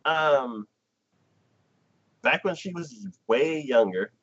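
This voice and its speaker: A man on a casual livestream, walking through a story with a lively, swooping voice that climbs high when he imitates characters. The sound is dull and lo-fi, like compressed stream audio. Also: drawn-out words. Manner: animated plot retelling, acting out characters in quotes. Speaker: anime podcast host.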